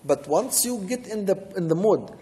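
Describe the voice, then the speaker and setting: A man with a fairly high, warm and mellow voice gives a religious lecture. He recites short Arabic verses, then explains them in English, circling back to his key points. His voice rings out with a long reverb, as if in a large hall. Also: expressive, normal speed. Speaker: sheikh teaching Quran commentary.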